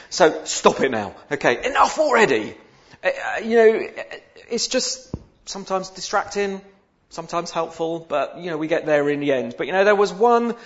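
A man's voice: mid-range voice, lo-fi sound. Chatty male minister preaching. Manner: chatty and self-deprecating, with dramatic psalm reading. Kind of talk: sermon. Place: church.

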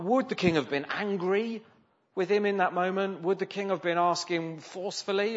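A man preaching a sermon in a conversational way, often asking the listeners rhetorical questions. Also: sits high. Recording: slightly dull, lo-fi sound.

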